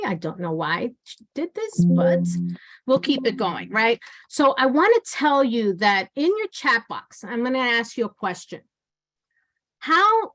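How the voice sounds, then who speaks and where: A woman in her fifties leads an online workshop from a video call. Her voice sits fairly high, and her delivery is loose and conversational. She keeps checking in with her audience and calls on listeners by name. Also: fairly bright tone. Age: 50s. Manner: conversational, keeps asking "right?"; engages audience by name, chatty. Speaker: workshop presenter. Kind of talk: online webinar presentation.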